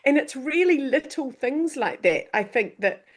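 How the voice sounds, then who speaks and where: A woman's voice: sits high, lively intonation, unhurried. A woman, an author and coach being interviewed, talking in an upbeat, emphatic way and acting out little back-and-forth dialogues. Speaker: author and leadership coach, guest. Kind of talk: motivational interview talk.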